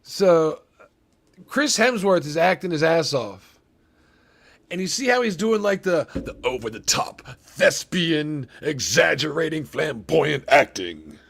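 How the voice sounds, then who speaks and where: A man's voice: fairly high pitch, measured pace, creaky. Swearing, rambling male trailer reactor. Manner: rambling, profane, excitable, stop-start. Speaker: movie reaction host. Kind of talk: casual trailer reaction chat.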